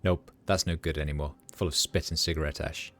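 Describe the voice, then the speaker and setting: A man's voice: very deep voice, steady tone, brisk. A man voicing a hungover, cheerful, middle-aged male street doctor with a loose Midwestern accent and words piling together, jokey and boastful. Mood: easygoing. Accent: Midwestern American. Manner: jokey, laid-back, boastful. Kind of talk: reading game dialogue aloud on a livestream.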